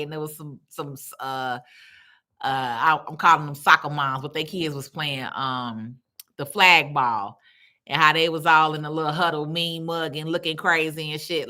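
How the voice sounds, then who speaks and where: A woman with a deep, steady, sharp-toned voice hosts a casual livestream at a moderate pace. She talks bluntly with plenty of profanity and laughs often while reading viewer comments aloud.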